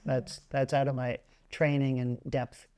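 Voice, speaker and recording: This is a man with a mellow, warm voice. He is the playwright guest and answers calmly, with a dry, understated wit. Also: mid-range voice, a little slow, clean tone.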